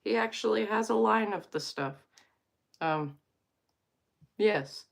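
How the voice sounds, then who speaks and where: A woman's voice: mid-range voice, slow, creaky. A woman in her thirties from Alberta, Canada, chatting casually and playfully to her viewers, rambling and cutting herself off. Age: 30s. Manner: rambling, playful, self-interrupting. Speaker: vlogger.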